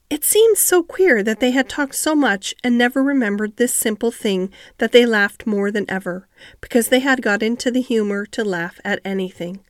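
A woman narrating a classic children's novel steadily and clearly as an audiobook reader. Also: fairly high pitch, expressive, normal speed, no echo, clean studio sound. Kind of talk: storybook narration.

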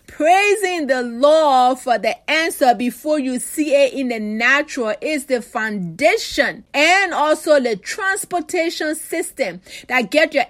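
A woman's voice: sits high, fairly bright tone. A woman preaching a fervent sermon, repeating key phrases and calling out to her listeners for response.

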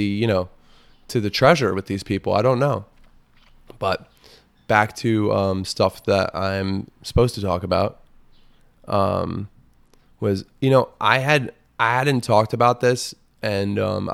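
A man's voice: lowish voice, a little slow, vocal fry, smooth. A man hosting a podcast as a casual comedic monologue, rambling and profane, with crude jokes. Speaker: podcast host.

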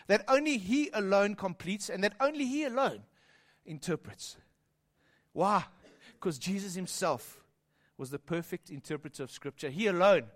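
A middle-aged man, preaching a sermon, telling lively stories and swinging between loud and hushed delivery. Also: sits high. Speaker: pastor.

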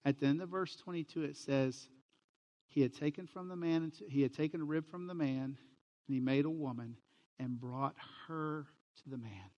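A man's voice: fairly high pitch, normal speed, long reverb tail, muffled recording. A middle-aged man, a pastor, preaching a sermon and telling stories, livening them with quoted voices. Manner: storytelling, animated with quoted voices.

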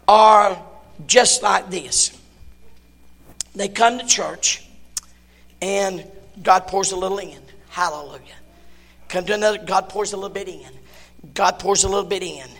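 High, bright-voiced preaching man in a hall. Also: gravelly. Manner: impassioned preaching, swinging from shouts to hushed tones. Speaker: pastor. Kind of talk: sermon.

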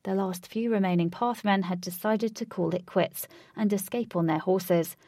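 A woman reads an adventure story aloud in a steady, clear voice at a middle pitch. The recording is dry and close, with no room sound around it. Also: normal speed, no room sound. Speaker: narrator. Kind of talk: storybook narration.

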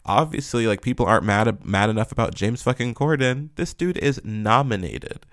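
A man's voice: lowish voice, expressive, normal speed, fairly bright tone, dry recording, studio quality. A man ranting in blunt, profane commentary, full of fillers and rhetorical questions. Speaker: commentary vlogger.

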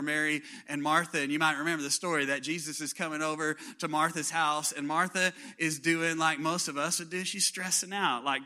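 A man, preaching a sermon as pastor in a conversational way that rises to animated bursts. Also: a little high.

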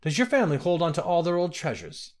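A man's voice: a little high, sing-song, fast, pitched above the performer's own voice. A man voicing a clever young female spy who teases and coos in a storybook reading. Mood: cooing.

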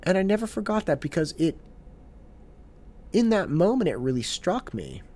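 A man's voice: high voice, very animated, normal speed, a little mellow. A man who works as a tutor, telling a story in an earnest monologue and often repeating his words as he goes.

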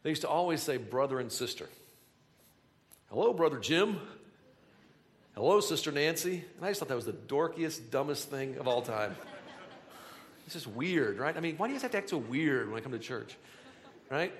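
A pastor delivers a sermon to a live congregation in a large hall, with slight background noise. His medium-pitched voice has lively intonation and moves a little fast, talking conversationally before building to emphatic bursts of repeated phrases.

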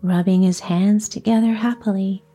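A woman narrating a classic children's story in a soft, partly whispered storytelling voice. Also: medium pitch, steady tone, moderate pace, breathy edge, faint music behind.

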